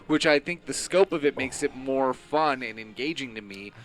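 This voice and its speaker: A man's voice: medium pitch, normal speed. A man co-hosting a casual chat show, talking in long rambling runs with restarts. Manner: rambling, enthusiastic, stammers on restarts. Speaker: co-host.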